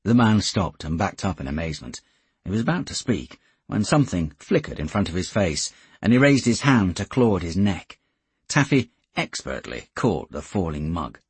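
A man narrating an audiobook in a steady, measured way. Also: low voice, husky, no echo.

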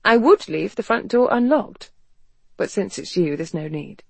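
A narrator voicing a lightly teasing young woman, lifting the pitch for her in an audiobook. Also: lively intonation, measured pace, creaky, slightly rough, no echo, heavily acted. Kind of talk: audiobook character reading.

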